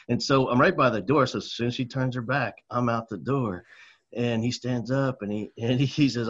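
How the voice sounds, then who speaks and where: A man from New Jersey, an educator, telling stories in a casual conversation, animated and repeating words, often saying man and dude. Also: medium pitch, brisk, husky, lo-fi sound. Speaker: educator, guest.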